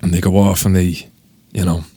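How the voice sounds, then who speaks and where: Irish male tattoo artist, low voice, casual and sweary, dry recording. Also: moderate pace, husky, no room sound. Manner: swears freely, rambling and animated. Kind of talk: casual podcast interview storytelling.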